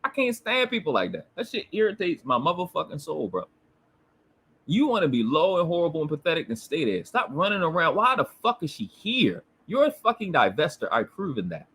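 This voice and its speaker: A man's voice: on the high side, huge pitch swings, fairly quick, fairly bright tone, breathy edge. A man hosting a commentary show, reacting to a replayed livestream clip in a combative, mocking and profane way. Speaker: commentary channel host.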